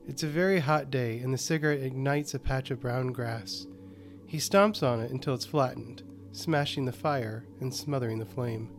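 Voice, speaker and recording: A man hosting a horror podcast and narrating a scripted short story in a calm, even delivery. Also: mid-range voice.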